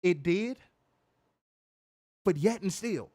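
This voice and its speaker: A man with a high voice co-hosts a wrestling review podcast, speaking a little slowly and pausing often. He rants casually and animatedly, swearing freely, mimicking voices, and laughing loudly in his profane commentary.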